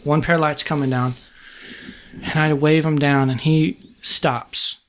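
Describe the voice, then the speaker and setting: A man with a slightly high voice tells his story as a podcast guest. He speaks earnestly and haltingly, stopping to restart his sentences as he goes. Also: fairly even intonation. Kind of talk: casual spoken storytelling.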